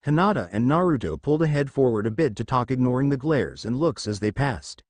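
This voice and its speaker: A man reading a fan fiction story aloud as its narrator, with animated storytelling. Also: mid-range voice, a little fast, few pauses, no room sound.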